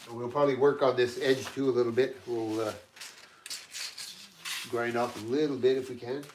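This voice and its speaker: A man's voice made scratchy by a cold. He talks loosely through a workshop demo, often breaking off and restarting sentences. His pitch sits in a middling range for a man. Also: fairly even intonation, normal speed. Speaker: knifemaker and channel host. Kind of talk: casual workshop livestream demo. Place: home workshop.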